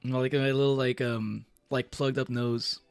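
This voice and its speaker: A man's voice: mid-range voice, little pitch movement, a little slow, smooth, no room sound, soft background music. A young man streaming, chatting casually to his viewers in a rambling way, with many fillers and restarts and frequent laughs. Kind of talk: casual livestream chat.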